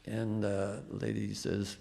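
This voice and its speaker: An older man from the Bronx, an animated storyteller at a live book talk. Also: on the low side, a little slow, creaky. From the Bronx, New York. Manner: animated storyteller who acts out voices. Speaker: guest musician and author. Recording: reverberant hall.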